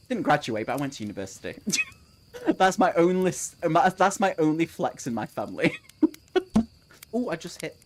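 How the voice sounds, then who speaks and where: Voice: mid-range voice, big pitch swings, normal speed, pauses often. A young adult book streamer chatting casually on a live reading sprint, answering chat messages, laughing often and swearing freely.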